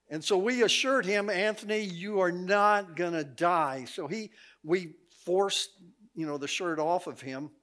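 A middle-aged man preaches from a church stage. His voice sits a little high, and he tells stories in a folksy, good-humored way, often breaking into laughter. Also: fairly bright tone. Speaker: guest preacher. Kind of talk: sermon with storytelling. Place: church sanctuary.

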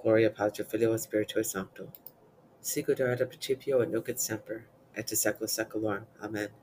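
A man with a fairly low voice recites psalms and prayers in an even, measured cadence. His reading is unhurried and devotional. A faint hiss sits under the recording. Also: poor audio. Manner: steady measured chanting-like recitation. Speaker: prayer reader.

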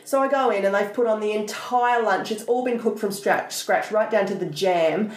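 A woman's voice: mid-range voice, moderate pace. A woman co-hosting a podcast, chatting casually and telling rambling stories with plenty of fillers. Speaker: podcast co-host. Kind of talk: casual chat. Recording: roomy echo.

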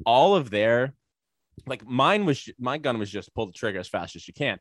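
A man's voice: medium pitch, very animated, moderate pace, no room sound. A man on a casual podcast, telling a long rambling story full of fillers, profanity and sarcastic asides.

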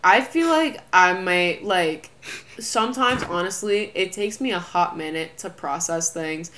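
A young adult woman telling stories in a casual chat, slangy and animated, often laughing as she talks. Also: lowish voice, measured pace, a little hiss or hum. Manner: slangy, animated, says "bro" and "literally" a lot. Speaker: storyteller in a chat.

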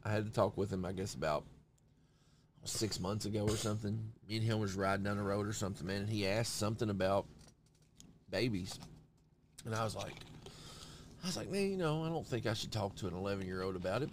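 A man's voice: on the low side, fairly quick, long pauses, slight background noise. A man in his thirties hosting a podcast, telling family stories in casual chat and calling his friend bro and man. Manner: animated storyteller, says bro and man. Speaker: podcast host.

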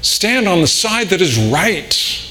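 A man preaching a sermon in a slow, deliberate way, often repeating and restarting words. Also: high-pitched, very animated, bright, forceful tone. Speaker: pastor. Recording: long reverb in a large hall, faint room noise.

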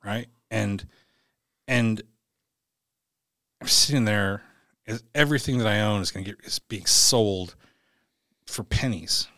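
A man telling a raw personal story in an interview, blunt and halting, swearing as he goes. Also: on the low side, pushed and bright, no echo, clean studio sound. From United States. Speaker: podcast guest.

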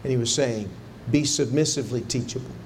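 A man's voice: mid-range voice, brisk, slight background noise. A man preaching a sermon, telling a personal story in an earnest way and rising to fervent pleading when he quotes his prayers. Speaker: pastor.

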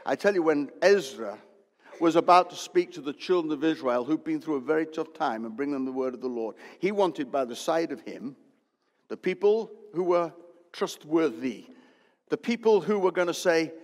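Pastor in his 60s, fairly high voice, jokey and loud in bursts, big church echo. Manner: lively, joking, loud bursts. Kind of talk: sermon. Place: church hall. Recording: long hall reverb.

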